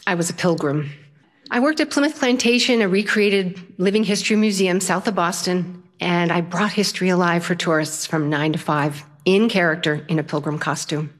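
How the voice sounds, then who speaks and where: An older woman telling a lively, self-mocking story. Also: lowish voice, moderate pace. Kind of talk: storytelling performance.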